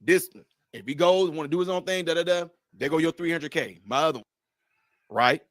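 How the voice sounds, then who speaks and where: A man's voice: fairly high pitch, brisk, a bit bright, dry recording, studio quality. A man hosting a casual livestream, talking straight to his viewers, repeating his points emphatically. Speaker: livestream host.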